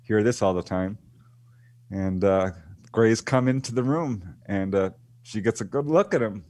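A man's voice: lowish voice, a little slow, no room sound. A man being interviewed as a guest, telling a case story casually and acting out the voices of the people in it. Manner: animated retelling, acts out quoted voices. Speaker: guest author and UFO researcher.

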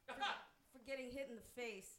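A woman's voice: high voice, moderate pace, crowd noise. A woman comedian interrupting a stand-up set, teasing and mock-scolding him. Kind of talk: comedic heckling from the stage. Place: comedy club stage. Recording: echoey room.

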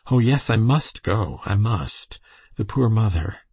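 A man voicing a kind, anxious minister's wife who asks eager, quick questions. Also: lowish voice, expressive, darkish tone, slightly rough, dry recording, full character voice.

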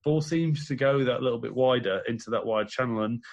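A man's voice: medium pitch, brisk, vocal fry. A man co-hosting a podcast who talks through rugby plays in detail in casual chat. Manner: detailed play-by-play analysis. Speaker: podcast co-host.

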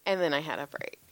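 A woman in her forties telling casual stories with lots of swearing, frequent laughter and acted-out quotes. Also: deep voice. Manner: animated, profane, laughs often, acts out quotes. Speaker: podcast co-host, massage therapist. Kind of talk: casual storytelling chat.

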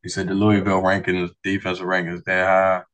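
Deep-voiced man in calm sports chat. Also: brisk. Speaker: sports podcast co-host.

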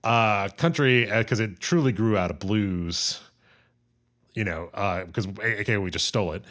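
A man's voice: on the low side, normal speed, fairly bright tone. A man with a Southern US accent, talking casually and rambling with lots of fillers while planning a song. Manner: rambling, filler-heavy, self-deprecating. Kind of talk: casual chat.

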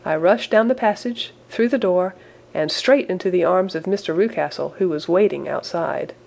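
A woman with a lower-pitched voice reads a classic tale in the first person. Her storytelling is measured and expressive, and she steadily builds suspense through the narration. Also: gravelly. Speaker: audiobook narrator.

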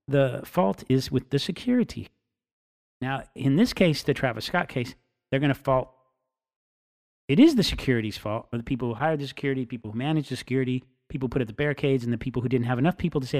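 A man's voice: medium pitch, fast. Guy ranting casually, lots of restarts, acts out what people say. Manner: animated, acts out quotes; rambling with restarts. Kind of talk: casual monologue.

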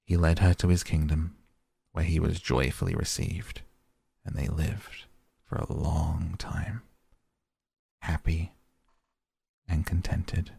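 A man narrating fairy tales in a steady, measured audiobook reading. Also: deep voice, gravelly, breathy edge, no room sound.

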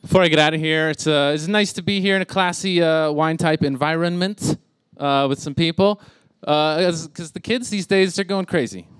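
A man's voice: on the high side, fairly even intonation, normal speed, few pauses, fairly bright tone, clear, resonant tone, no room sound. A man in his thirties doing a rambling stand-up set, laughing at his own jokes. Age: 30s. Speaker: stand-up comic.

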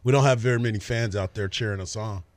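A man co-hosting a sports radio show in casual chat, laid-back and agreeable, often answering with a quick "right.". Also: on the low side, no room sound.

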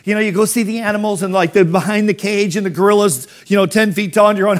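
Man, middle-aged, business coach, motivational talk, rhetorical questions, emphatic, high-pitched. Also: fast talker, hardly any pauses.

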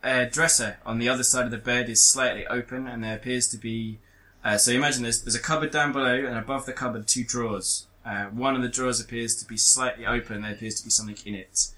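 A man narrating a tabletop horror game as game master, halting with many pauses and restarts. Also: medium pitch, fairly even intonation, sharp tone, rough recording.

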